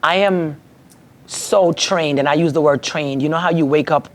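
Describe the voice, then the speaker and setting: A woman's voice: sits low, normal speed. A woman guest on a podcast, telling a heartfelt personal story with emotion, her voice rising when she is upset.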